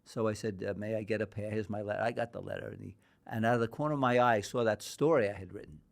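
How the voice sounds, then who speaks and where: Gravelly and quick, this older New Yorker talks in a low register as a podcast guest. A boxing historian, he wanders through lengthy stories, performing each character's lines as he goes.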